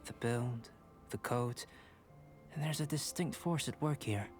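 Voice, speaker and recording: An actor playing a calm, detached young alchemist and painter who talks in an even, scholarly, slightly bored cadence. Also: male voice, medium pitch, measured pace, faint music behind, close to an everyday voice.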